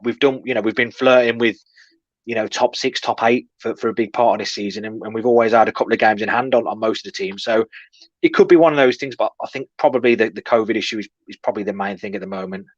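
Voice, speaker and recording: Fast-talking man on dull, lo-fi audio. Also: fairly low pitch, steady tone, no room sound. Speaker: fan pundit guest. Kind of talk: casual panel discussion.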